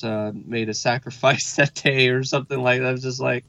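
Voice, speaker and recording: A man's voice: medium pitch, monotone, moderate pace, creaky, pushed and bright, dry recording. A man in casual podcast chat, trailing off and restarting his thoughts. The recording is muffled and lo-fi, dry with no room sound. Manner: hesitant, restarts, fillers. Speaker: podcast co-host. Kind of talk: casual chat recapping a TV episode.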